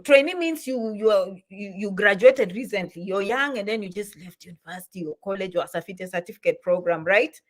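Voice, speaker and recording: A woman giving casual advice, lively and repetitive, often checking "okay?" and "you understand?". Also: medium pitch, a little fast, few pauses. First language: not English. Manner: animated, repeats "okay?" and "you understand?", acts out quoted voices. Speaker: immigration advice vlogger. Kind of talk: casual explainer talk.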